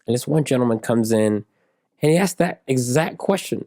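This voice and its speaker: A man in his forties, an interview guest, telling stories in a relaxed way and acting out the people in them. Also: mid-range voice, moderate pace, dry recording, studio quality. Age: 40s. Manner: animated storyteller who acts out dialogue in raised voices. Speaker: interview guest, software engineer.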